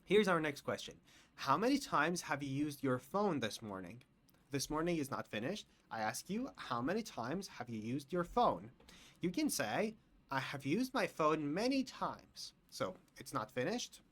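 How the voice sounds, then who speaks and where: Lively man teaching English grammar. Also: mid-range voice. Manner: slow and clear, repeats example sentences. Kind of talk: grammar lesson for learners.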